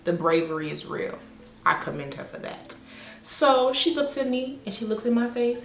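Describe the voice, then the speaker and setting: A woman hair stylist telling a story at home in a sassy, blunt, animated way. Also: fairly high pitch, normal speed, gravelly. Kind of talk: casual storytime vlog. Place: her home. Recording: echoey room with faint music.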